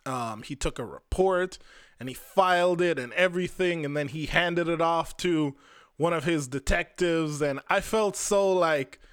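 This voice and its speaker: A young man with a bright, forward voice, a little higher than most men, recounts his own story on a podcast. His talk is candid and profane and loose with "like". The sound is dry and close, with no room to it. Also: unhurried, clean tone, dry recording. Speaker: podcast host. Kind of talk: personal storytelling monologue.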